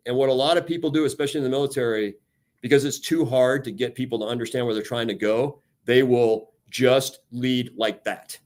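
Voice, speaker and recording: A man's voice: mid-range voice, steady tone, brisk, darkish tone. An older man, a retired admiral, talking on a radio show about leadership with passion and energy, acting out quoted lines as he goes. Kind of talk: casual radio talk on leadership.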